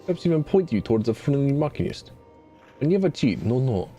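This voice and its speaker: Male streamer voicing a lilting, mysterious fortune-teller merchant, lively pitch. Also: faint music behind, natural voice. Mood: soothing. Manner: drops articles, slow mystical lilt. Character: mysterious middle-aged fortune teller, gently cryptic.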